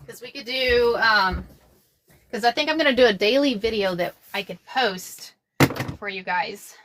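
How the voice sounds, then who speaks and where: A bright, forceful-sounding woman in middle age talks straight to her livestream viewers as she sews. Her voice sits fairly high. She is excitable and chatty and says everything twice. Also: a little slow, a little hiss or hum. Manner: excitable, repeats herself, says y'all often. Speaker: craft livestream host. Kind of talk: casual livestream chat while sewing.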